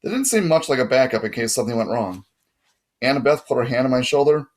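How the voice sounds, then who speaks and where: A man's voice: medium pitch, animated, quick pace, a little mellow. A man narrating a first-person story in a plain reading voice, now and then correcting his own slips. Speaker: audiobook reader.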